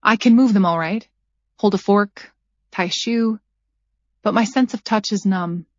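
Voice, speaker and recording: A woman narrating a first-person thriller audiobook at a measured pace, her character's lines dryly sarcastic. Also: medium pitch, darkish tone, no room sound. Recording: dull lo-fi dry recording.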